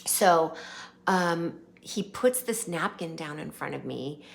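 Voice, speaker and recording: A woman hosting her channel, casually telling viewers an animated, rambling story. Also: deep voice, takes it slowly, creaky. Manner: chatty, animated, rambling anecdotes. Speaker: channel host.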